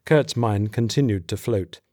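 A man narrating an audiobook in a steady, measured voice. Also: lowish voice, dry recording, studio quality.

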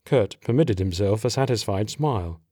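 Man with steady audiobook narration. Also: fairly low pitch, moderate pace, breathy edge, no echo, studio quality.

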